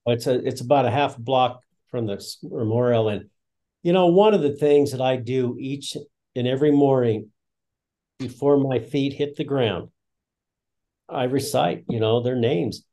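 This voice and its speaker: A man's voice: medium pitch, unhurried, dark tone. An older man, a retired school principal, telling long, earnest stories as a guest in an interview. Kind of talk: reflective interview storytelling.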